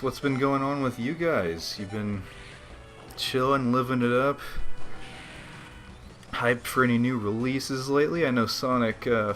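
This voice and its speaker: A man's voice: medium pitch, fairly bright tone. A man giving laid-back, slangy commentary while playing a video game and chatting to his viewers. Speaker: let's play host. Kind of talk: casual gaming commentary.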